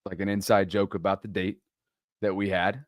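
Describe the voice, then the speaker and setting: A man's voice: deep voice, level tone, moderate pace, dry recording, clean studio sound. A young man co-hosting a podcast, telling a dating story in casual chat with frequent laughs and self-deprecating humor. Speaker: podcast co-host.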